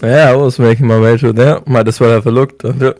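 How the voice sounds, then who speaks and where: A man's voice: medium pitch, fairly even intonation, quick pace, a little mellow, no echo, lightly acted. A man playing an old male dwarf fighter, a war veteran and miner, speaking plainly and briefly. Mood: friendly.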